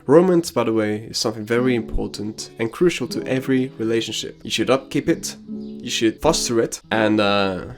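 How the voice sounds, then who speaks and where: A man's voice: medium pitch, normal speed, music in the background. A man giving casual, slangy commentary on an anime and telling personal anecdotes. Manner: casual and slangy, drops crude asides.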